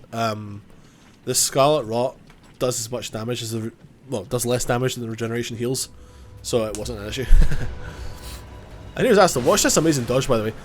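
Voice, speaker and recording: A gaming YouTuber with a mid-range voice and a cold gives gameplay commentary against slight background noise. He's casual and joking, mocks himself, and swears.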